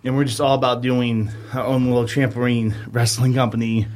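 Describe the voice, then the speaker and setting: A man's voice: mid-range voice, little pitch movement, brisk, a little mellow. Rambling man telling stories, casual. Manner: rambling storyteller, many fillers. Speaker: podcast co-host. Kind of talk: casual chat.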